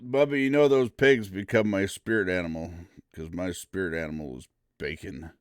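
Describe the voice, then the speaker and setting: A middle-aged man hosting a live morning show, loud, excitable and folksy. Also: low voice, normal speed, smooth, no room sound, studio quality. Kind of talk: casual live stream talk.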